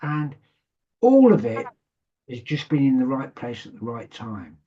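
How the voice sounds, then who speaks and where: A man's voice: medium pitch, sing-song, a little slow, a little hiss or hum. A middle-aged man, a former radio DJ, telling rambling, sweary anecdotes in a casual interview. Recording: muffled lo-fi sound.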